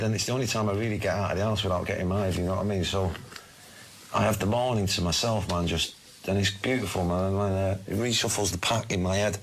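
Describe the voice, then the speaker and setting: A blunt Mancunian man in his forties rattles on at a quick clip in a fairly low voice, with laddish swearing. The recording has a faint hiss behind him. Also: fairly bright tone. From Manchester, England. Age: 40s. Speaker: musician guest. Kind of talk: casual interview chat.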